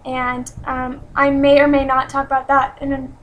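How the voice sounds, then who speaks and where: High, steady-voiced young woman confiding. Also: normal speed, muffled recording. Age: 20s. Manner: earnest and self-critical, many ums and restarts. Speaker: vlogger. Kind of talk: personal confessional vlog.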